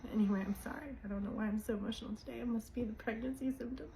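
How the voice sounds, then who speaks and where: A woman with a high voice talks to viewers in a loose, rambling way, often apologizing and sounding emotional. There is a faint hiss of noise behind her. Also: fairly even intonation, racing, gravelly, dark tone, poor audio. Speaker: co-host of a religious channel. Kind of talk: casual emotional talk to viewers.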